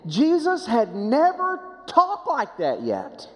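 Preacher guy, high voice, swings from soft to loud a lot, long hall echo. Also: huge pitch swings, slow. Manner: dramatic, swinging from hushed low phrases to raised emphatic ones; repeats rhetorical questions. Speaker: pastor. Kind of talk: sermon.

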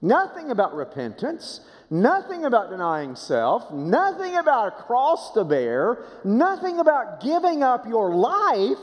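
A male pastor preaching in a high, very lively voice that swoops between hushed drops and emphatic peaks. He repeats rhetorical questions at an unhurried pace. His sermon rings with the long reverb of a big church hall. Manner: dramatic, swinging from hushed low phrases to raised emphatic ones.

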